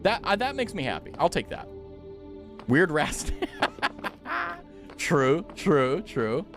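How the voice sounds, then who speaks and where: A young man chats playfully with his chat while he plays a game. His voice sits slightly high and leaps all over the place. A light bed of music plays underneath. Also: very animated, measured pace. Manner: playful, chatty, talks to chat. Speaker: streamer. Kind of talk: casual gaming commentary.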